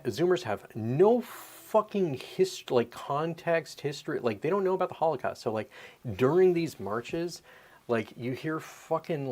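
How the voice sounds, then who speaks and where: A man in his thirties hosting a podcast, ranting in a profane, animated, rambling way. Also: medium pitch. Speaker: podcast host. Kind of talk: casual opinion rant.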